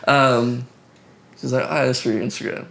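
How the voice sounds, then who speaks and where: A man's voice: medium pitch, fairly even intonation, normal speed, creaky, fairly bright tone, slight background noise. A young man telling, for a wedding film, how he met his fiancée, easygoing and self-mocking, full of "like" and "um". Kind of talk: casual storytelling to camera. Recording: music playing behind.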